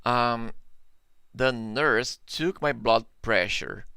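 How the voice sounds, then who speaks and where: A man's voice: mid-range voice, extremely slow, gravelly, sharp tone, clean tone, no echo. A man with a Brazilian Portuguese accent teaching a live online English lesson, patiently repeating examples and checking in with "okay?".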